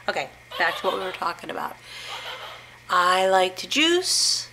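A woman's voice: medium pitch, unhurried, pushed and bright, slight background noise. A woman in her fifties from the Pacific Northwest, chatting at home in a rambling, enthusiastic way for her video blog. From Pacific Northwest, USA. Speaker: juicing vlogger. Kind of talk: casual home vlog. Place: home with a pet bird.

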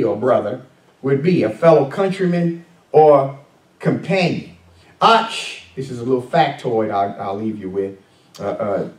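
A male pastor delivers a conversational sermon in a church sanctuary, peppering it with fillers and questions for the congregation. His voice sits at medium pitch and sounds a little mellow. The recording is echoey, picked up by a distant mic.

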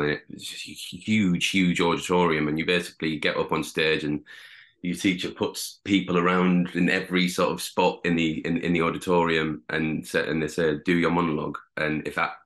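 A young man from the north of England, talking as an interview guest. His low voice carries a bright, forceful edge. He rambles loosely, full of fillers and restarted sentences. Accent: Northern English. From Durham, England. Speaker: guest actor. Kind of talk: casual interview.

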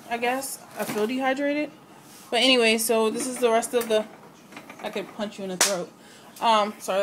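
A woman talking through a casual home video diary, slightly out of breath, hesitant with many pauses and fillers. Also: medium pitch, background noise. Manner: hesitant, many ums and restarts. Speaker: vlogger.

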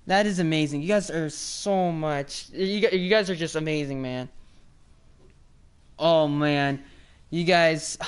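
A young man hosting a casual live stream, excitedly thanking viewers with lots of repeats and restarts. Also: high voice. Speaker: livestreamer.

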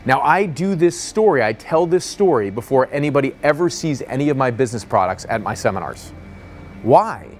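This man's mid-range voice moves briskly as he teaches a motivational sales lesson as a business coach. Energetically, he narrates stories and imitates the people he quotes.

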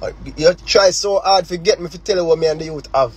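A man with a Jamaican accent addresses someone directly over a phone livestream, speaking heated patois full of repetition and rhetorical questions. His voice is slightly husky and sits a little high for a man, and he presses his points with fervour. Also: fast talker, a little mellow, rough recording. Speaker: artist on a live stream.

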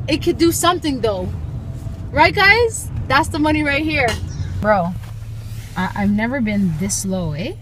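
A woman's voice: high-pitched, sing-song, a little slow, pauses often, a bit bright, a little hiss or hum. A young woman from Canada, vlogging from a car in a chatty, playful, slangy way. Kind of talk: casual vlog chat.

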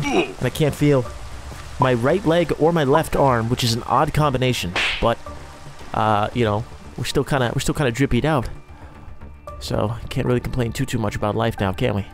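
A man's voice: mid-range voice, moderate pace, faint music behind. A young man narrating his own game role-play in a sarcastic, self-mocking running commentary. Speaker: role-play gaming creator.

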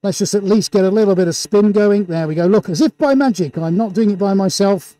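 A man hosting a live painting stream in an indoor studio, talking through a face mask and calling out viewer shout-outs with showman-like excitement. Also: high-pitched, brisk, no echo. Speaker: livestream host and painter.

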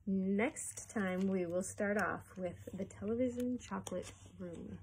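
A woman librarian reading a chapter book aloud in a gentle, expressive storytelling way. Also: medium pitch, unhurried, a little hiss or hum, rough recording. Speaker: children's librarian.

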